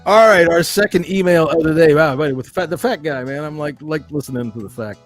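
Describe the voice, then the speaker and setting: A man's voice: on the high side, quick pace, soft background music. A man hosting a casual fan podcast, reading listener emails and joking with loose, profane talk. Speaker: podcast host.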